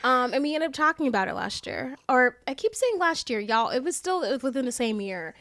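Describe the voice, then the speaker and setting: A woman chatting on a podcast, telling quick anecdotes and reacting with a laugh in her voice. Her voice sits a bit high. The sound is close and dry, with no room echo. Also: sing-song, fairly bright tone. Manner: chatty, laughing, storytelling asides. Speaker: podcast co-host. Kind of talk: casual podcast chat reacting to clips.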